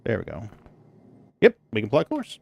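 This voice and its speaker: A man's voice: lowish voice, wildly swooping pitch, moderate pace, vocal fry, a little mellow, muffled recording. A man streaming a space game live, chatting casually and bluntly, cursing and griping about the game and cooing baby talk at his cat between play. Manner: blunt, swears, grumbles about game mechanics.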